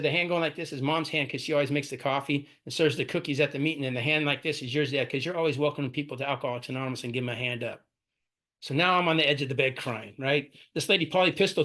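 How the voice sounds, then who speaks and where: Middle-aged guy spilling his story quick, bright forceful voice, keeps going "right?". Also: mid-range voice. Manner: storytelling, candid, frequent "right?" asides. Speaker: speaker sharing recovery story. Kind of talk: recorded twelve-step share.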